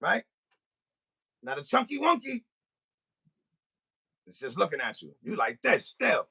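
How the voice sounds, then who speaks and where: A man's voice: high voice, sing-song, a little slow, vocal fry, pauses often, bright, forceful tone, breathy edge. A man hosting a podcast, telling a comic story in a rant and acting out both sides of a phone call. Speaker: podcast host. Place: recording studio.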